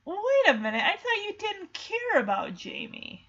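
A woman's voice: extremely high pitch, very animated, normal speed, bright, forceful tone, lo-fi sound, pitched above the performer's own voice, full character voice. A woman voicing a sensible, cautious older male dog who warns insistently. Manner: warning, insistent.

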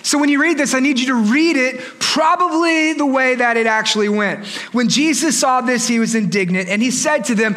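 Male pastor, playful and emphatic, bright, fairly high voice. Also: expressive, fairly quick. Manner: playful, emphatic, repeats himself. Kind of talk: sermon.

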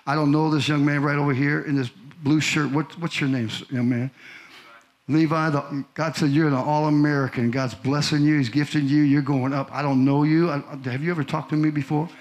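Pastor guy preaching to his church, kinda high voice, gets loud and shouty. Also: steady tone, fast talker. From Missouri. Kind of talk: sermon. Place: church in front of a congregation.

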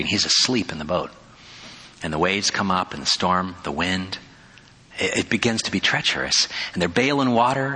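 A middle-aged man preaching a sermon as a pastor, telling stories in an animated way with chuckling asides. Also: lowish voice, slightly rough. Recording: long hall reverb.

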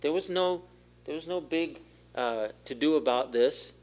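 A man's voice: a little high, unhurried, a little mellow. Man preaching, quizzing his congregation. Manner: asks the room questions, rises in force for key points. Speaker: pastor. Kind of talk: interactive sermon.

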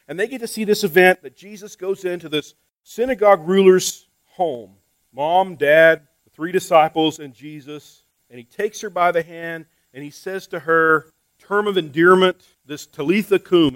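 A man preaching a conversational sermon, full of rhetorical questions and repeated words, dropping to soft asides and rising to loud emphasis. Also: sits high, no echo, poor audio. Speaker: pastor.

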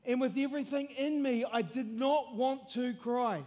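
A man preaching with a strikingly high voice for a man. He tells his testimony with earnest feeling and rises to impassioned, shouted declarations. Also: moderate pace, hardly any pauses. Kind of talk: testimony sermon.

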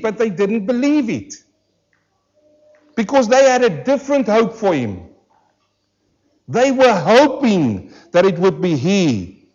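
A pastor preaching a sermon to a church congregation, emphatic and full of rhetorical questions, slowing down hard on key words. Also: male voice, sits high, sing-song, darkish tone, dull audio. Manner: emphatic, with rhetorical questions and slowed, drawn-out stresses. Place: church service.

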